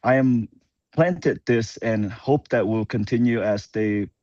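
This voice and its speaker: A father talking on a group call in an earnest, halting way with many fillers. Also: on the low side, darkish tone, dry recording, muffled recording. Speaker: guest on a partners call. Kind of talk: casual chat.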